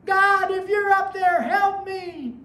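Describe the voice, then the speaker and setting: A preacher voicing a panicked man who dangles from a cliff branch and yells frantic pleas for help, in an echoey room. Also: extremely high pitch, steady tone, takes it slowly, voice pushed up, heavily acted. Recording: echoey room with faint ambience.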